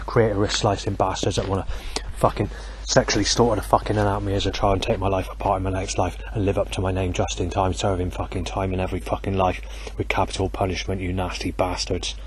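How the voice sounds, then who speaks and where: Furious profane man, low voice, rambling street rant into a handheld recorder, faint night ambience behind. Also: little pitch movement, fast talker, slight background noise. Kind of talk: angry rambling monologue. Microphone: handheld digital audio recorder.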